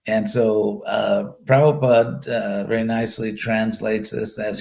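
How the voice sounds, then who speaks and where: A man giving a live scripture class, explaining words one by one in a relaxed, thinking-aloud way with fillers and repeated phrases. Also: fairly low pitch, measured pace, vocal fry, few pauses. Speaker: Sanskrit scripture teacher.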